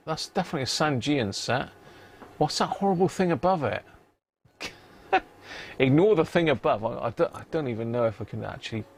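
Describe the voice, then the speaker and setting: A man chats casually on a live stream while repairing a radio in his home workshop, rambling and muttering to himself as he works. His mid-range voice has vocal fry, and there's a little hiss or hum.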